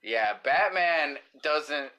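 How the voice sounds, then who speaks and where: A man's voice: a little high, expressive, drawn-out words, sharp tone. A man co-hosting a casual comedy podcast, joking loosely and swearing freely. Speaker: podcast co-host.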